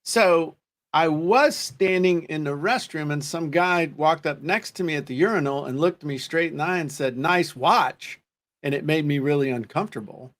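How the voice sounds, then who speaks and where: Male co-host, a little high-pitched, easygoing joker telling anecdotes. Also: moderate pace. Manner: joking storyteller, self-deprecating. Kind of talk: casual chat.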